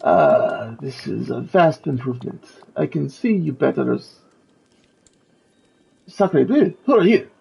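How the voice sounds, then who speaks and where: A man's voice: medium pitch, measured pace, gravelly, few pauses, dark tone, low-quality recording. A man putting on Lumiere, a gallant French candelabra. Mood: delighted. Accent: attempted French accent. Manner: courtly, gallant, theatrical. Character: cheerful French male enchanted candelabra.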